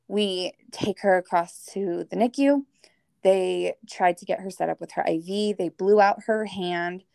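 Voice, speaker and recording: Woman podcast guest, candid and emotional, a creaky edge, close dry sound. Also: mid-range voice, dry recording. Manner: candid, emotional, swears casually. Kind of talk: casual storytelling chat.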